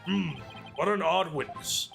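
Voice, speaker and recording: Man doing a gravelly old fussy judge. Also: high voice, a little slow, fairly bright tone, soft background music, heavily acted. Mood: stern. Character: old male courtroom judge, fussy and easily alarmed. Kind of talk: reading game dialogue aloud.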